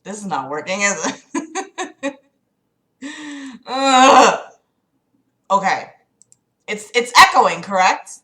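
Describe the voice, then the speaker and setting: Exasperated woman streamer, lively pitch. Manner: exasperated, apologetic, swears often. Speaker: livestream host. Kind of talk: casual livestream chat. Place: home room.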